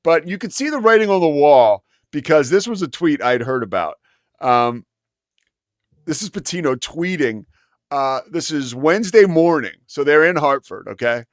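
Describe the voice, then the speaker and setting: A man hosting a sports talk show, chatting casually with a co-host and reading live sponsor spots in an animated, rambling way. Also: fairly high pitch, normal speed, no room sound, studio quality. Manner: animated, rambling, laughs at his own story. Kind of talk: casual talk-radio chat with live ad reads.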